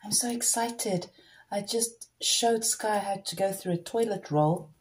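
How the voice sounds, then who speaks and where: A woman with a hoarse, gravelly voice, chatting softly in baby talk to her pet budgie while training it. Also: mid-range voice, moderate pace. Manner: soft coaxing baby talk. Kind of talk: casual vlog talk to a pet bird.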